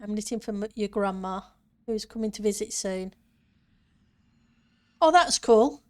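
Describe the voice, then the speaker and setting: Slow-talking, smooth-voiced woman streamer. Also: mid-range voice, expressive. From northern part of her country. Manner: chatty, reads and answers chat while playing. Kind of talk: casual live-stream chat while gaming.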